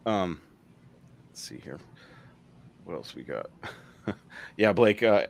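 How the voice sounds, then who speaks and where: Low-voiced man hosting a casual live chat. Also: vocal fry, slight background noise. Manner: rambling, laughs often, many fillers. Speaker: host.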